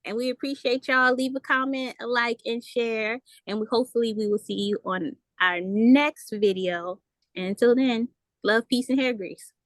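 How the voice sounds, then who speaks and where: A woman co-hosting a podcast in casual chat, playful and animated, telling stories with quoted voices. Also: a little high, normal speed, dry recording. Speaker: podcast co-host.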